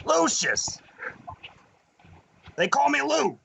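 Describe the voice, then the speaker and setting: A man's voice: very high-pitched, wildly swooping pitch, drawn-out words, vocal fry, a bit bright, a little hiss or hum, pitched above the performer's own voice, heavily acted. A man putting on a touchy, easily upset character who obsesses over haircuts, complaining petulantly on a prank phone call. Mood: aggrieved.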